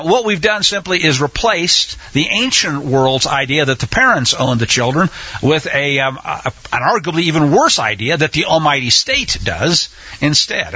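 A male Bible teacher with a bright, husky voice speaks in an impassioned, conversational way. His pitch swings widely as he preaches. The audio is dry and dull, like a lo-fi radio broadcast. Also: no room sound. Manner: impassioned, indignant preaching with asides.

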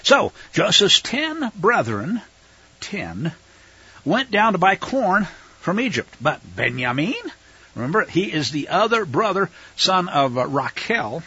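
A husky, raspy man teaches scripture in an easygoing, chatty manner, his voice bright and animated. The recording sounds dull and lo-fi. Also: sits high, measured pace. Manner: conversational, explaining, with fillers and asides. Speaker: Bible teacher. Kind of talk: casual verse-by-verse Bible teaching.

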